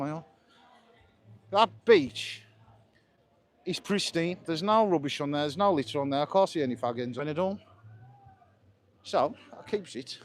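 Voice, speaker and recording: A man chatting enthusiastically as he walks through resort streets, live-streaming a travel vlog from a handheld camera. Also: on the high side. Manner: chatty, enthusiastic tour commentary. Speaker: travel vlogger. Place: outdoors on busy resort streets. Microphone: handheld camera while walking.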